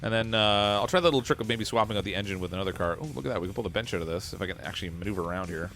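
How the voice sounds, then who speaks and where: A relaxed man with a slightly low voice talks his way through a live-streamed game session. His delivery is loose and rambling, full of "uh"s and small chuckles as he answers his chat. Clear music plays underneath him. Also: racing. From Canada. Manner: easygoing, rambling, with frequent "uh" and chuckles. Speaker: livestreamer playing a car repair game. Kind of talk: casual live-stream chat reading viewer comments. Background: background music.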